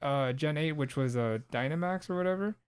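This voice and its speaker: A man's voice: fairly high pitch, brisk, clean tone. A man co-hosting a casual podcast, chatting in a loose, rambling way with lots of fillers and restarts. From Southern California. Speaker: podcast co-host. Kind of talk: casual chat.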